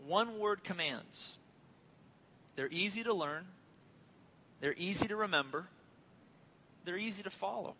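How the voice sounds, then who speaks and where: A man's voice: high-pitched, lively intonation, measured pace, long pauses, bright, forceful tone, a little hiss or hum, rough recording. A man in his thirties preaching a sermon as a pastor, conversational and joking, telling family stories.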